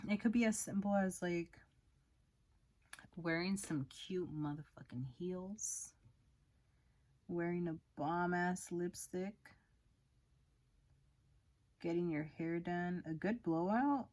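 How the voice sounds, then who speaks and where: A woman's voice: fairly low pitch, slow, long pauses. A young woman, a hairstylist, chatting frankly and profanely while doing her makeup. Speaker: hairstylist and beauty vlogger.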